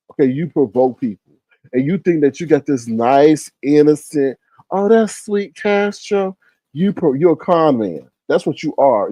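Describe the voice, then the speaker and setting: A middle-aged man commentating on a livestream, telling a story with expressive, acted-out quotes. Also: medium pitch, husky, no echo, rough recording.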